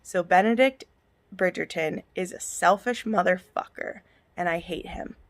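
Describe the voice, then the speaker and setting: A woman's voice: on the low side, a little slow. A woman book reviewer giving a passionate, heated vlog rant and swearing freely. She says she is irritable and on pain medication.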